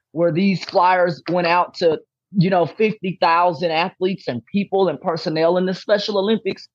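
A woman's voice: lowish voice, breathy edge, no echo, lo-fi sound. A woman giving a candid interview as a podcast guest, talking emphatically and repeating her key points. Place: room at home with posters behind.

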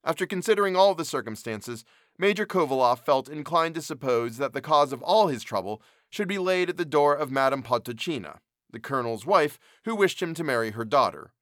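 A man narrating a classic story in an expressive, measured reading. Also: on the high side, no room sound, studio quality.

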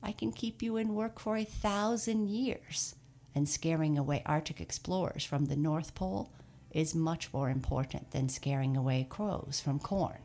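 Woman plays brisk old storybook Santa, hearty and bustling, deep and gravelly. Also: mellow. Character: jolly brisk old male Santa Claus.

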